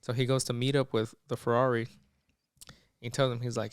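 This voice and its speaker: Young man, podcast co-host, mid-pitched voice, dry close mic, casual storytelling. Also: level tone, a little fast, clear, resonant tone, no room sound. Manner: retells a movie plot with many "he's like" quotes.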